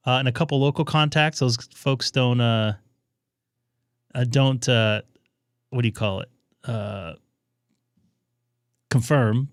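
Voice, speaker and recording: A man hosting a casual ham radio live stream from his home radio room, telling stories in an excited, rambling way. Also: medium pitch, clean tone, no room sound, studio quality.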